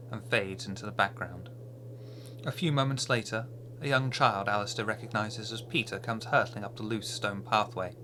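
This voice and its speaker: A man's voice: fairly low pitch, bright, forceful tone, a little hiss or hum. A man narrating a tabletop horror game as game master, in a descriptive storytelling manner.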